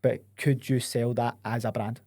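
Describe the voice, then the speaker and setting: A man's voice: medium pitch, little pitch movement, moderate pace, dark tone. A young Scottish man hosting a podcast, chatting casually, swearing and laughing often. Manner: laughs often, swears, says "mate" a lot. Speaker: podcast host. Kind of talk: casual chat.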